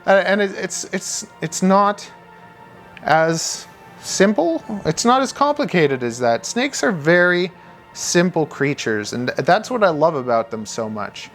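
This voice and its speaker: A young man explains snake handling in a loose, talkative way, stumbling and restarting as he goes. His voice sits a little high, with light music playing faintly underneath. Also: sing-song, measured pace, a bit bright. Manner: chatty, rambling with restarts, mimics owners in high squeaky voice. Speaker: reptile keeper giving pet care tips. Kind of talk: casual instructional video.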